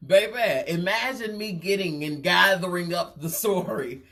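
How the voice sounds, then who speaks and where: A woman's voice: fairly low pitch, unhurried, hardly any pauses, a bit bright. A woman hosting a live gossip show, teasing and laughing often, repeating phrases and calling out "child" and "baby" as she comments. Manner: repeats and draws out phrases for effect.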